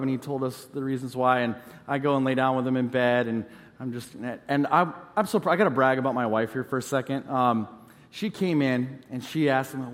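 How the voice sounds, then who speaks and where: A man's voice: medium pitch, moderate pace, in a large hall. A male pastor in his thirties preaching a sermon in a conversational, storytelling way, mixing in self-deprecating humor.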